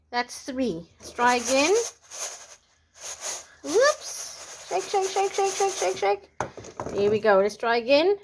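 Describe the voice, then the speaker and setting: A woman preschool teacher reading a storybook and leading a counting lesson for young children in an animated, sing-song manner. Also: high-pitched, a little hiss or hum.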